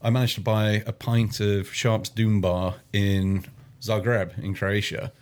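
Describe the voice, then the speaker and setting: A man's voice: on the low side, little pitch movement, a little slow, darkish tone. A man from Cornwall with a Cornish English accent, chatting casually over beer and laughing often. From Cornwall, England.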